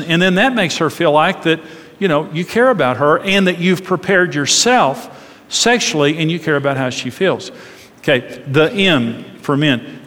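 Animated man preaching in a reverberant hall. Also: a little high. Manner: animated, acts out voices in his stories. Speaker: marriage speaker. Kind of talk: sermon-style marriage talk.

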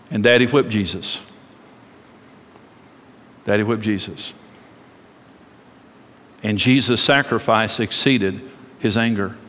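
A middle-aged male pastor preaches with passion, stacking short, emphatic phrases. His voice is bright and sharp. It carries the long echo of a large church hall. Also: fairly low pitch. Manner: impassioned and repetitive, with rhythmic emphatic phrasing. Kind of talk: sermon.

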